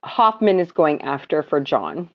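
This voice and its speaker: A woman's voice: low voice, very animated, a little slow. A woman hosts a laid-back movie recap, taking her time and drifting between thoughts with plenty of ums. Her voice comes through a dull, lo-fi recording. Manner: rambling, laughs, many ums. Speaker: podcast host. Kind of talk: casual movie recap chat. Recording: dull lo-fi audio.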